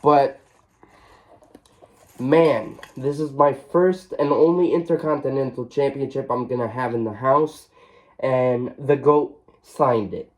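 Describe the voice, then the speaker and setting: A man's voice: mid-range voice, takes it slowly, darkish tone. A man vlogging an emotional reflection, earnest and heartfelt, often repeating his phrases.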